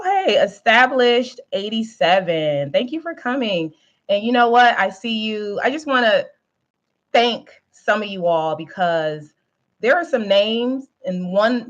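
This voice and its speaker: A woman's voice: on the low side, dull audio. A woman hosting a live stream, chatting casually with viewers in a rambling way, with lots of fillers and frequent laughs. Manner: laughs often while talking.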